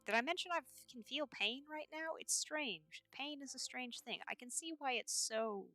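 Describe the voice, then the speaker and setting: Woman streamer roleplaying in a game, kinda high voice, swoops all over, scattered and rambly, music low behind. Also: animated, normal speed, sharp tone. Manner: scattered, rambling, talks to chat. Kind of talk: in-character roleplay chat while gaming. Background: faint background music.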